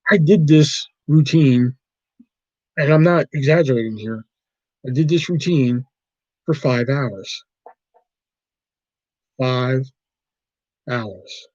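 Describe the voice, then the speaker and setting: Young man, casual profane storytelling, animated, dry close sound, muffled lo-fi audio. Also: medium pitch, slow, long pauses, no echo. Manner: animated, profane, laughs while telling. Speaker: vlogger telling a work story. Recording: dull dry lo-fi recording.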